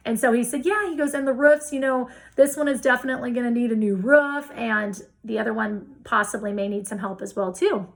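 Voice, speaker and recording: A woman with a slightly high, gravelly voice tells a story in a casual interview. She acts out what each person said, swinging her voice up and down as she quotes them. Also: fairly quick, hardly any pauses, low-quality recording. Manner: animated storyteller acting out quoted dialogue. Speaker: real estate investor guest.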